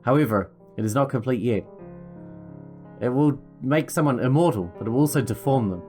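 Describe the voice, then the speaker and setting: A man voicing a calm, determined male scientist in a visual novel, explaining in a measured way. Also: mid-range voice, soft background music, close to an everyday voice. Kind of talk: reading a visual novel aloud.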